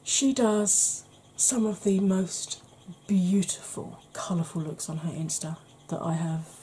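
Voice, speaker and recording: Woman, 40s, makeup vlog host; mellow tone, faint hiss behind, chatty and self-mocking. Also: on the low side, takes it slowly. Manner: chatty, self-deprecating, animated. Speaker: beauty vlogger.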